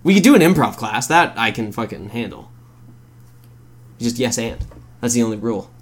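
A man co-hosting a podcast in casual chat, animated and swearing freely as he acts out scenes in silly voices. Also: medium pitch, normal speed. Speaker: podcast co-host.

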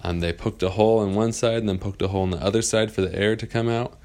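A man telling an improvised bedtime story in a relaxed, rambling way. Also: lowish voice, fast.

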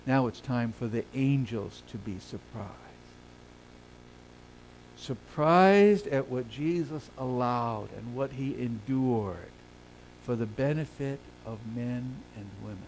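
A male pastor preaching a sermon, swelling loud and high on key phrases and then sinking low and quiet. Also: takes it slowly, slight background noise, rough recording. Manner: preaches with big swells in pitch and volume, then drops low.

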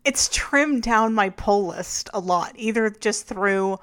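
A woman's voice: medium pitch, takes it slowly, clear, resonant tone. Brief: woman podcast co-host, casual and frank, chatty with fillers.

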